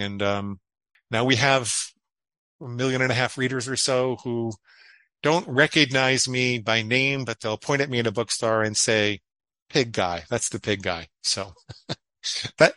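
A middle-aged man, a psychologist guest on an interview podcast, telling his story in an animated way and acting out quoted inner dialogue. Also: on the low side, smooth, dry recording, rough recording.

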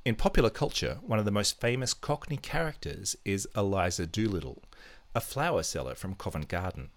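A man co-hosting a casual podcast and running a quiz for his co-host. His voice sits very low, and his manner is playful and teasing. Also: lively intonation, fairly quick. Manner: playful, chatty, teasing quizmaster. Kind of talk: casual chat, reading a quiz.

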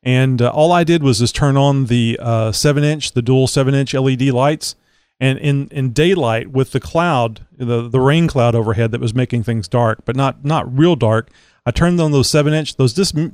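A man's voice: medium pitch, moderate pace, darkish tone, clear, resonant tone, dry recording, studio quality. A man hosting a podcast in casual chat, rambling and joking with many filler words. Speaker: podcast host.

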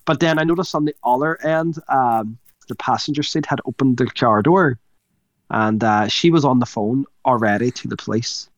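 A man's voice: mid-range voice, moderate pace, no room sound, lo-fi sound. A man co-hosting a podcast, telling a rambling story with lots of swearing and laughing mid-sentence. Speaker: podcast co-host. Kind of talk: casual storytelling chat.

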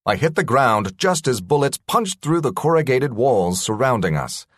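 A man's voice: medium pitch, sing-song, normal speed, fairly bright tone, dry recording, clean studio sound. A man narrating a science-fiction story in a dramatic, tense first-person reading.

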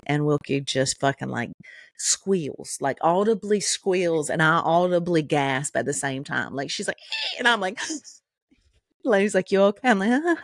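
A middle-aged woman co-hosting a podcast, telling an animated story full of profanity in casual chat. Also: low-pitched, no echo, clean studio sound. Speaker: podcast co-host.

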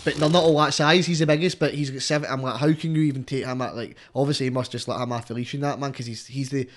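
A young Scottish man in casual chat, telling rapid, sweary stories and saying "mate" constantly. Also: mid-range voice, fairly even intonation, fairly bright tone, a little hiss or hum.

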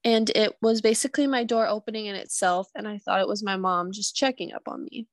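A woman's voice: mid-range voice, steady tone, a little fast, dry recording. Chatty young woman, dry close sound. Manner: chatty, swears and laughs easily. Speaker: podcast co-host. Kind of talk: casual chat, reading a listener story.

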